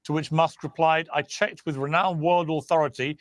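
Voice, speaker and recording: Brisk British male debate host. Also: on the high side, fairly even intonation, no echo. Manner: interrupting, brisk. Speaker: talk show host. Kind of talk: moderating a live TV debate.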